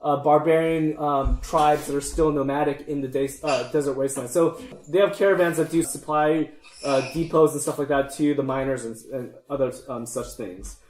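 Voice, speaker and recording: A man narrating as game master of a tabletop game, halting and full of fillers and restarts. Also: a little high, steady tone, a little mellow. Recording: echoey room.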